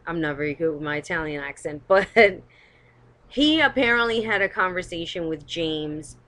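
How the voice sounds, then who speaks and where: A woman's voice: lowish voice, animated, moderate pace, fairly bright tone. A woman giving casual, opinionated commentary as host of her own live stream. She talks bluntly, swears, and rambles with lots of hedging, recorded on a webcam. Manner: blunt and rambling, swears, hedges with "I don't know".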